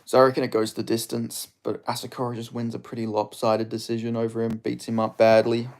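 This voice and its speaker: A man chatting casually on a live stream, answering viewer questions in a loose, rambling way. His voice sits at an ordinary middle pitch. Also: completely flat delivery, fairly quick, darkish tone.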